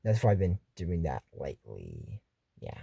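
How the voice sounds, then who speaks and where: A man's voice: deep voice, wildly swooping pitch, moderate pace, gravelly, warm tone, husky, no echo. A man giving a casual, jokey recap of a cartoon episode, rambling through asides and retellings.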